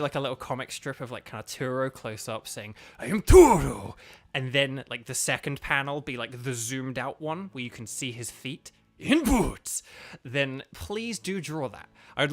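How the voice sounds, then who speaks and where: There's a mid-range, slightly bright quality to this young man from Britain, a voice actor who streams games. Over faint background music, he rambles casually to viewers, leaning on fillers as he plays.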